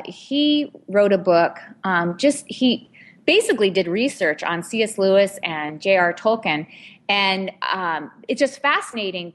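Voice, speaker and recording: A woman's voice: mid-range voice, fairly bright tone. A woman co-hosting a talk show and introducing topics hesitantly, with many "um" and "uh" fillers. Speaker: co-host. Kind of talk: casual talk show chat.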